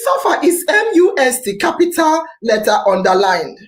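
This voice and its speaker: A woman's voice: sits high, sing-song, moderate pace, roomy sound, low-quality recording. A Nigerian woman hosting a podcast, giving an impassioned civic talk, repeating phrases for emphasis and slipping into Pidgin. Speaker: podcast host.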